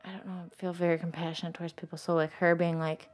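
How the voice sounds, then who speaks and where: A young woman with a slightly low voice recounts her own story in loose, casual talk. She pads nearly every phrase with "like" and swings from loud to hushed. Soft music plays faintly behind her. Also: level tone, quick pace.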